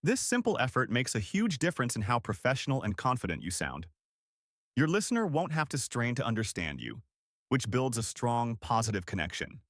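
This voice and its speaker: Lively, dry-sounding male instructor. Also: medium pitch, no echo. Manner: clear, deliberate coaching delivery. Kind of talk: scripted instructional narration.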